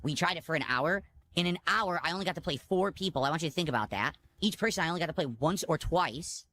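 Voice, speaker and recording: Bright-voiced man complaining bluntly. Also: a little high, animated, fast talker, a little hiss or hum. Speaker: game streamer. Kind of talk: streamed monologue.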